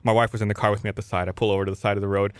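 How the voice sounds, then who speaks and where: A man's voice: fairly low pitch, level tone, rapid-fire, smooth, no room sound, clean studio sound. A man hosting a podcast in casual chat, telling stories animatedly and acting out his own angry outbursts. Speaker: podcast host. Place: podcast studio.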